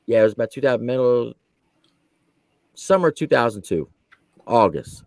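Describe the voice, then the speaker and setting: A man's voice: mid-range voice, expressive, normal speed, creaky, dry recording. A man, an army veteran who served as a drill sergeant, telling a story on a podcast in casual slang and acting out the quotes.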